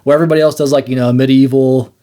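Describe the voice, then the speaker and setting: A man's voice: medium pitch, fairly even intonation, rapid-fire, warm tone. A young man co-hosting a gaming podcast, chatting casually, swearing and joking around. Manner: swears, jokes, acts out silly voices. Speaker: podcast co-host. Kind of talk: casual chat.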